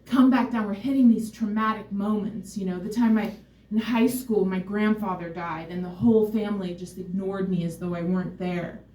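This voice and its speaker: A woman's voice: medium pitch, fairly even intonation, moderate pace, hardly any pauses, mellow. A woman telling a personal story on stage, candid, wry and emotionally open. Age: adult, mother of a son. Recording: roomy hall, mic far off.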